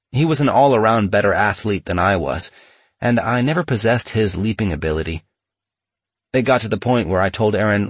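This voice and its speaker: A man narrating a memoir in a steady, measured storytelling manner. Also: on the low side, slightly rough, dry recording.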